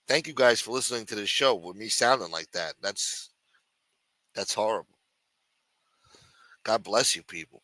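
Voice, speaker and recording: A man's voice: on the low side, lively intonation, moderate pace, long pauses, bright, forceful tone, no echo. A man hosting a livestream, rambling in a sarcastic, profane, casual way. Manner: rambling, sarcastic, heavy swearing. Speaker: livestream host.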